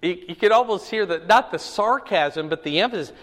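A man's voice: high-pitched, expressive, a little fast, hardly any pauses, a bit bright, in a large hall. A male pastor preaching, reading scripture aloud with rising emphasis and explaining it in a casual way, asking the listeners rhetorical questions. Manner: asks the audience rhetorical questions. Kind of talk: sermon.

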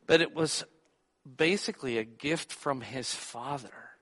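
A man's voice: medium pitch, measured pace, fairly bright tone, big-room sound. A man preaching a sermon, teaching and putting questions to his listeners. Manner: teaching, asks the audience questions.

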